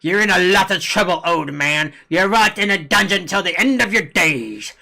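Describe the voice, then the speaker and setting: A man's voice: high voice, lively intonation, normal speed, full character voice. A man doing a barking, bullying town guard. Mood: commanding. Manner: barking orders, loud and menacing. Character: stern male town guard, bullying and threatening. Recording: game music playing clearly behind.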